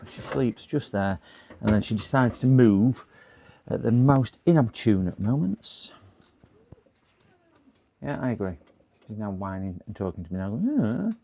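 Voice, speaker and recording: Male streamer, low and gravelly, casual muttering commentary from a home workbench. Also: animated, a little slow, pauses often, dark tone, a little hiss or hum. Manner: chatty, mutters to himself while working. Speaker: PC repair livestreamer. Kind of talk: casual live commentary while working.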